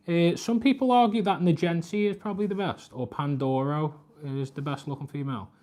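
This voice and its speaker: A man's voice: fairly even intonation, brisk, warm tone. A man, chatting casually on a live stream, talking to his cat and reading out viewer comments. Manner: chatty, talks to his cat and viewers, voice jumps high when scolding.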